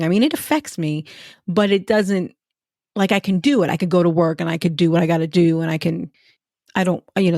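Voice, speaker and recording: Chatty lady co-host, lowish voice, super dry close mic, tells stories all over the place. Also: gravelly, no room sound. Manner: chatty, animated storyteller, laughs often. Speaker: podcast co-host. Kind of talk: casual chat.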